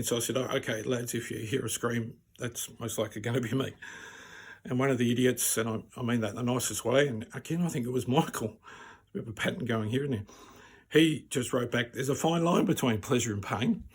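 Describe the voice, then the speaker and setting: A man with a raspy voice, telling wry, self-deprecating stand-up stories. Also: medium pitch. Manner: wry and self-deprecating, laughs at his own jokes. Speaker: stand-up comedian. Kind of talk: stand-up storytelling.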